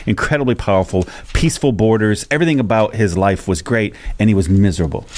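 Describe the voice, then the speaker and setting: A man's voice: lowish voice, darkish tone. A man co-hosting a faith podcast in casual chat, upbeat and encouraging. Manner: upbeat, quick to laugh, encouraging. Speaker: podcast co-host.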